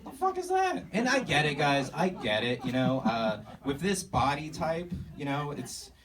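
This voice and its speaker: A young man doing self-deprecating stand-up comedy on a live stage, halting with lots of fillers. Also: medium pitch, expressive, crowd noise. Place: live stage at an arts center. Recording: far-off mic in a hall, faint noise.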